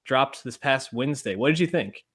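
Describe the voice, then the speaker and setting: A man co-hosting a podcast, casually chatting about a TV show in a relaxed, conversational way. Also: medium pitch, normal speed, breathy edge. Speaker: podcast co-host. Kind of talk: casual review chat.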